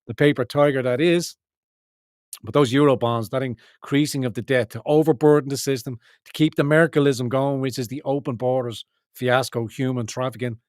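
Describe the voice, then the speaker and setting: A man's voice: medium pitch, darkish tone, no room sound, studio quality. A man hosting a livestream, delivering rambling political commentary in an emphatic, profane way with many restarts. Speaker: livestream host.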